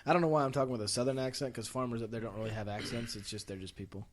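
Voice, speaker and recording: A man's voice: medium pitch, steady tone, racing. Casual rambling sports podcast guy. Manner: loose, rambling, lots of restarts and fillers.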